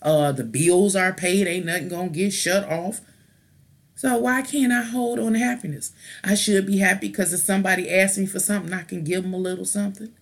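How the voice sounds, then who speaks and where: A woman's voice: medium pitch, steady tone, fairly quick. A woman, a mother, hosting a live stream and ranting in a blunt, rambling way, irritated, with restarts and casual slang. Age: adult with children. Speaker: tarot live-stream host.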